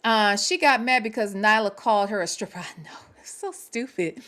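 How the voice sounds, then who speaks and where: A woman's voice: medium pitch, expressive, moderate pace, fairly bright tone. A woman hosting a livestream show, chatting casually and answering viewer comments in a blunt, profane way. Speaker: show host.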